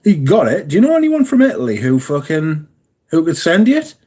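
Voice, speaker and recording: A man's voice: a little high, wildly swooping pitch, a little fast, warm tone. A man, hosting a casual livestream, chatting and swearing freely while answering viewers. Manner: sweary, chatty, reads viewer comments aloud. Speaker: livestream host.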